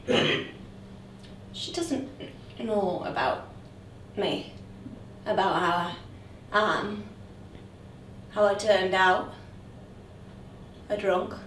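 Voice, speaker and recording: A woman's voice: medium pitch, a bit bright, a little hiss or hum. A woman playing a lonely grown woman, a drunk, who keeps repeating herself in a stage monologue. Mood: weary. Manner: halting, repeats her words. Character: lonely grown woman, a drunk, waiting for her late dad. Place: theatre stage. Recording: roomy theatre heard from a distance.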